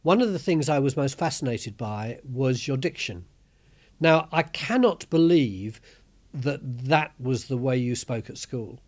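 An older man hosting an interview, speaking in a halting way with frequent word repeats. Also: medium pitch, animated, darkish tone. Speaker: host. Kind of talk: conversational interview.

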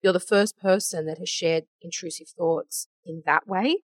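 A woman's voice: on the low side, steady tone, normal speed, no echo. A woman in her thirties hosting a podcast interview, talking candidly and with emotion, rambling and quoting her own past thoughts. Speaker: podcast host.

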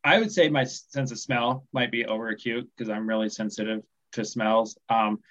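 A man in his forties from the USA, a podcast guest chatting casually, talking haltingly with many restarts and small chuckles over a remote call. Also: lowish voice, fairly even intonation, fairly bright tone, muffled recording. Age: 40s. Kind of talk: casual conversation.

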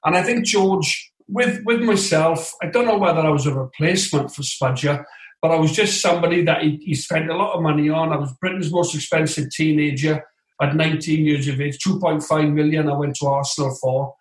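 A man as an interview guest, telling football anecdotes in an animated way and acting out other voices, recorded remotely. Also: on the high side, brisk. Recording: roomy echo, distant from the mic.

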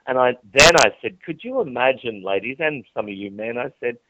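A man's voice: medium pitch, fairly quick, a little hiss or hum. A male TV presenter being interviewed, telling chatty, candid stories and acting out the dialogue in them. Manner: lively storyteller who acts out quoted dialogue. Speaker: TV presenter guest. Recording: dry, tinny phone-like line.

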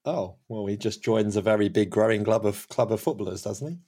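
A man's voice: lowish voice, a little fast, warm tone, breathy edge. A man hosting a casual football podcast, chatty and laughing often. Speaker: podcast host.

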